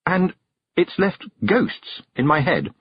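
A man's voice: on the high side, sing-song, slow pace, slightly rough, no echo, pitched above the performer's own voice, exaggerated voice. A man voicing an earnest, anxious young girl witch in an audiobook, hesitant in delivery. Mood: unsure. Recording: dull, dry narration recording.

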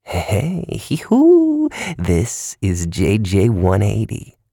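A man voicing a twitchy male taxi driver who peddles drugs, talking in a hushed, conspiratorial whisper broken by odd high yelps. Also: normal speed, vocal fry, breathy edge, dry recording, clean studio sound, full character voice. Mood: hushed scheming. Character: twitchy hushed male drug-dealing cabbie.

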